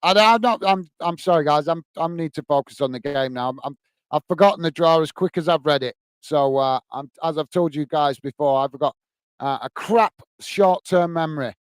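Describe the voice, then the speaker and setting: A man hosting a football watch-along stream, with a fairly high, smooth and clear voice. He chats casually with viewers, reads out their comments and gets easily frustrated. The sound is dry and close, with no room echo. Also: moderate pace. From England. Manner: chatty, easily frustrated, thanks viewers by name. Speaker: football channel host. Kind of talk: live match watch-along, reading out chat.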